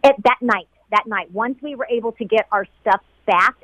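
A middle-aged woman, a flight attendant, recalling events in an emotional interview, heartfelt and quoting others in lively voices. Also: on the high side, moderate pace, no echo, rough recording.

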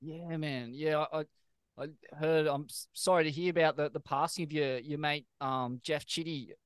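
A man hosting a podcast chat, with a slightly higher voice than most men. He speaks softly and haltingly and stumbles over his words. The recording is dry. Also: fairly even intonation, clear, resonant tone, no echo. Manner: hesitant, soft-spoken, stumbling over words. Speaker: podcast host. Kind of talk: casual interview chat.

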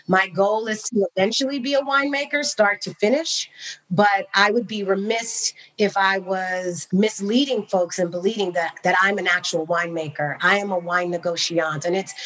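A woman from Napa, California, a guest in a casual interview, talking in an animated, enthusiastic way with lots of "like" fillers. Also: mid-range voice, rough recording. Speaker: podcast guest, wine entrepreneur.

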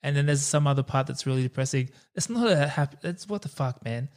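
A man's voice: medium pitch, expressive, fast talker, darkish tone. A man co-hosting a podcast, chatting casually about films with joking, rambling, sweary asides. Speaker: podcast co-host.

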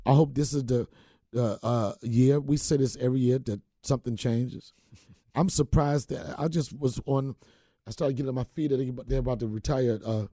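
Animated storytelling man, dark husky voice. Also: medium pitch, moderate pace, no echo, studio quality. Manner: animated storyteller, acts out quotes, laughs often. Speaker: comedian guest. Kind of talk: casual storytelling chat.

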